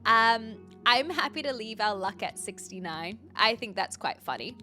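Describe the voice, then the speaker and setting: Chatty woman streamer, lively pitch. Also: normal speed. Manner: chatty, thinking aloud, frequent fillers. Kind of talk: casual gameplay commentary. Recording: game music clearly behind. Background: game music.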